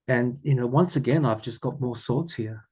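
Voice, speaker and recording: A man with an Australian accent giving a casual tarot reading, musing aloud and often repeating his phrases with ums and soft laughs. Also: medium pitch, normal speed, husky, muffled recording. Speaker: tarot reader.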